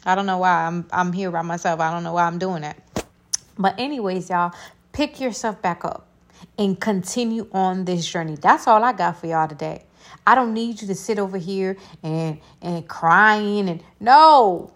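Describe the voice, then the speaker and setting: A woman's voice: on the low side, moderate pace. Young woman, podcast host, emphatic preaching, repeats herself. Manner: prays softly and quietly. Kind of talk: faith podcast, preaching and prayer. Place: alone indoors.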